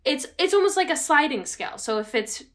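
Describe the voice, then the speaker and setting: A woman's voice: high-pitched, animated, fairly quick. A woman co-hosting a podcast in casual chat, eager and full of fits, starts and filler words. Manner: enthusiastic, talks in fits and starts with many likes. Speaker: podcast co-host.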